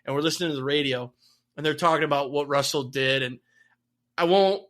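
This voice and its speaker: A young man co-hosting a podcast, chatting casually with animated, swearing storytelling. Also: fairly high pitch, fairly quick. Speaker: podcast co-host. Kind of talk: casual chat.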